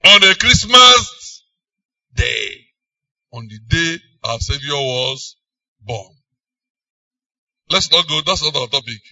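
A man with a Nigerian accent preaching a sermon, emphatic, swinging between loud and soft phrases. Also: medium pitch, takes it slowly, creaky, pauses often, dry recording, distant mic.

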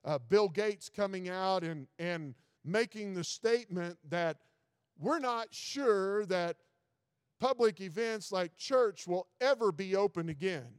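A man preaching a sermon, stumbling over repeated words, reading scripture slowly, and building to loud, fervent declarations. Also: high voice, expressive, clean tone, no echo, studio quality, in a large hall. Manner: reads old-style scripture slowly. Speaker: pastor.

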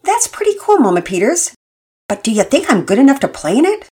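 A woman's voice: high-pitched, sing-song, a little fast, a little mellow, slightly rough, pitched above the performer's own voice, full character voice. A woman voicing a shy young boy who sounds hesitant and unsure of himself.

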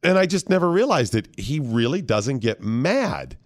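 A man's voice: mid-range voice, normal speed, no echo, studio quality. A middle-aged man hosting morning radio, telling family stories in casual banter and acting out the people he quotes. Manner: storytelling with animated voices for quoted people. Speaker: radio show host.

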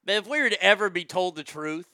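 A man's voice: high-pitched, expressive, fast, sharp tone, no echo, studio quality. A man hosting a live show, ranting about politics in a heated, sarcastic and profane way, often stammering and restarting when worked up.

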